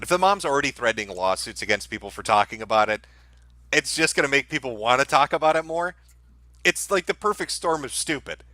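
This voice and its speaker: A man's voice: fairly high pitch, bright, forceful tone, dry recording. A man hosting a casual commentary show, reacting to social media posts in a sarcastic, profane, mocking way.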